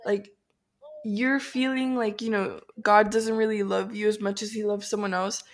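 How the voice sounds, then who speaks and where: Congested young woman, earnest and excitable. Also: medium pitch, moderate pace. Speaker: podcast co-host. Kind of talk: casual faith podcast chat.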